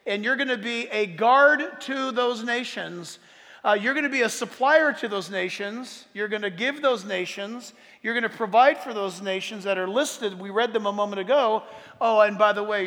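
A man preaching a sermon, reading scripture emphatically and dropping to quiet asides. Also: moderate pace. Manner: emphatic, rises loud when reading scripture, drops low for asides. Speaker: pastor. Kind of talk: sermon teaching on Bible prophecy. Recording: echoey hall reverb.

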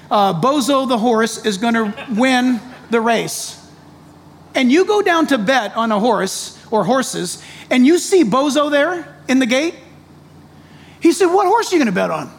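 A pastor preaching a sermon, animated, with joking asides and acted-out quotes. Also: male voice, very high voice. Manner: animated, jokey asides, acts out quoted voices.

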